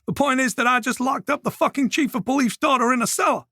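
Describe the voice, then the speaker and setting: A man narrating an audiobook voices a nervous male shopkeeper who is overly polite and quickly flustered. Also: extremely high pitch, bright, forceful tone, husky, dry recording, clean studio sound, voice pushed up, exaggerated voice. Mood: panicked. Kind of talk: audiobook character voice.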